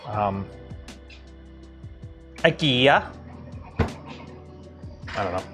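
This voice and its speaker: A man from Canada hosts a casual livestream, chatting loosely with viewers in a mid-pitched voice. He rambles, filling pauses with ums and correcting himself mid-sentence. Faint music plays behind him. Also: expressive, fairly bright tone. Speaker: livestream host.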